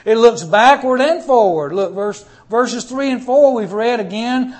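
High-voiced, emphatic male preacher. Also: animated, a little slow, hardly any pauses. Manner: emphatic, with sudden swings in loudness and repeated words. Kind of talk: sermon.

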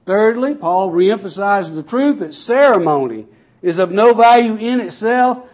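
High-voiced man preaching a sermon. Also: animated, measured pace, a little mellow. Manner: reads scripture aloud, then explains it in plain talk; raises and lowers his voice sharply for emphasis.

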